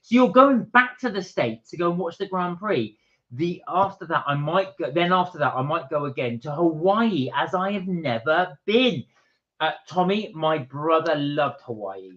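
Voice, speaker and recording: A man's voice: a little high, lively intonation, normal speed, fairly bright tone. A man co-hosting a live stream, chatting casually and reading out viewer comments with jokes. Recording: dull lo-fi stream audio.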